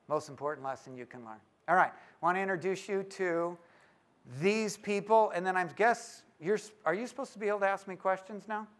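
A pastor telling a humorous story to a live audience, acting out both sides of the conversations. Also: male voice, high-pitched. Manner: animated storyteller, acts out both sides of a phone call.

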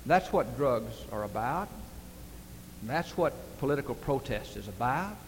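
This preacher has a medium-pitched voice with lively intonation and speaks at a measured pace. His sermon moves through earnest storytelling and climbs to emphatic questions, recorded distantly in an echoey hall with faint hiss.

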